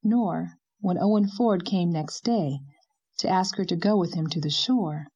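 A woman with a low voice narrates a classic novel. Her reading is measured and gently expressive. The recording sounds dull and lo-fi. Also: slightly rough. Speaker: audiobook narrator.

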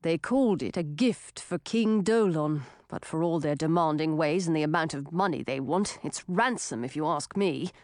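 A woman's voice: deep voice, normal speed, few pauses, no echo, studio quality, voice pushed down, close to an everyday voice. A woman voicing a grown man who murmurs his words in an audiobook. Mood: hushed worry. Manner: murmuring, hushed. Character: worried grown man speaking low.

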